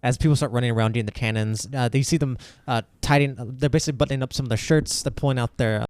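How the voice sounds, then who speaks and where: A man's voice: mid-range voice, rapid-fire, darkish tone, dry recording. A man narrating a tabletop game as game master, rambling with lots of fillers and restarts.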